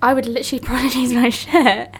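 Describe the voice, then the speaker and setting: A woman chatting casually on a podcast, animated and laughing often, with crude banter. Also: on the high side, fast talker, slightly rough. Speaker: podcast co-host. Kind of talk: casual chat.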